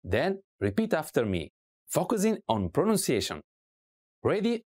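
A woman giving a scripted language lesson, asking slow drill prompts and repeating each word clearly. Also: low voice, big pitch swings, a little mellow. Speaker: language teacher.

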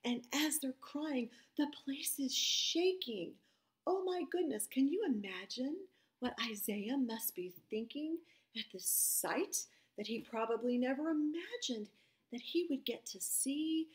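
A woman leading a children's Bible devotion, reading and explaining expressively, dropping to soft whispers for emphasis. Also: sits high, lively intonation, unhurried.

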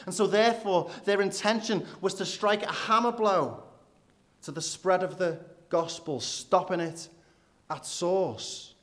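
A man, preaching a sermon in church with rhetorical questions, dropping low and quiet for emphasis. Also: a little slow.

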